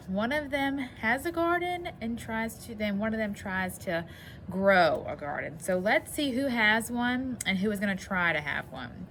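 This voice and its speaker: A woman teacher giving a phonics lesson to children and reading a story aloud, clearly enunciating in an encouraging way. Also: mid-range voice, a bit bright, a little hiss or hum.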